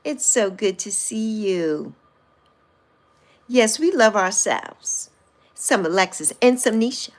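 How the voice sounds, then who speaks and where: A woman's voice: mid-range voice, lively intonation, slow, pauses often. A woman in her sixties hosting a casual livestream, chatting with viewers and playfully teasing them as she reads and answers their comments, laughing often. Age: 60s. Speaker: livestream host.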